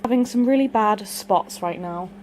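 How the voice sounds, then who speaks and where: A woman's voice: mid-range voice, moderate pace, darkish tone. A young heavily pregnant woman chatting casually to camera at home, chatty and self-deprecating. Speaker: vlogger. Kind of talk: casual vlog chat to camera. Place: home, indoors, washing machine running. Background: washing machine hum.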